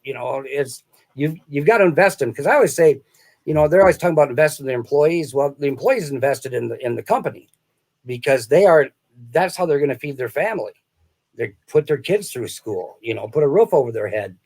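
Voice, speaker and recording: Male interview guest, rambling storyteller, laughs often, mid pitch. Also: lively intonation, a little fast, a little mellow. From small-town American Midwest. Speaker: guest, sales author. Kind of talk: casual interview chat.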